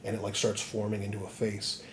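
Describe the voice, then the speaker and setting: A man hosting a podcast, recapping a story in an animated, rambling comedic way. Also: on the low side, a little fast, a little hiss or hum. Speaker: podcast host.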